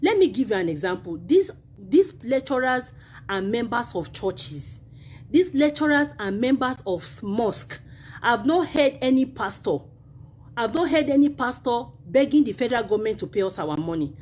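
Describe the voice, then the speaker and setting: A woman's voice: a little high, sing-song, normal speed, a little mellow, slight background noise. A woman with a Nigerian accent, a university union member making an impassioned video appeal, emphatic and indignant, repeating her points.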